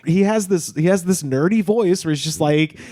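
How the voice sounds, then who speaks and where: A man chatting casually on a podcast panel, animated, opinionated and quick to swear. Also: high-pitched, dry recording. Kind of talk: casual chat.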